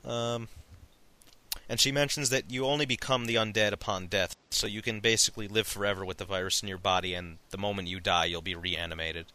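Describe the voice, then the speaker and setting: A man on a podcast retelling a story in casual chat, rambling and halting with lots of fillers. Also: lowish voice, level tone, pushed and bright. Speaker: podcast co-host recapping a story.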